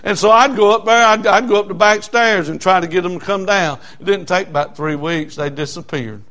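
A middle-aged man preaching a sermon. He tells homespun stories, often stops on "uh, uh" fillers, and builds up to loud emphasis. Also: sits high, brisk.

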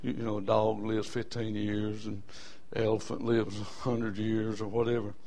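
A man, telling a story in a sermon in a folksy, animated way, with bursts of whooping. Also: fairly low pitch, normal speed, slight background noise. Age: 60s.

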